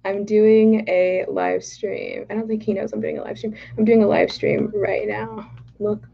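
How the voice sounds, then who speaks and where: A young woman talks casually to her livestream viewers from home, bubbly and quick to giggle as she reads their comments aloud. Her voice sits at a middling pitch, and the stream audio is a little dull and muffled. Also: level tone, creaky. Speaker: livestream host. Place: home in Texas.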